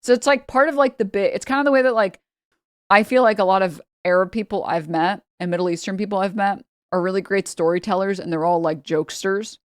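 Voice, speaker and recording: A woman's voice: mid-range voice, steady tone, fairly quick, no echo, studio quality. A woman from New York, a streamer giving casual reaction commentary, rambling and repeating her points for emphasis.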